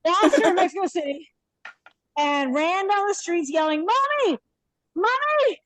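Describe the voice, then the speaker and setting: A woman in her fifties telling an animated comic story in a live virtual stand-up set over a video call. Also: very high-pitched, normal speed, rough recording. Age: 50s. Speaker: stand-up comedian. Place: hotel room. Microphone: laptop webcam on a video call.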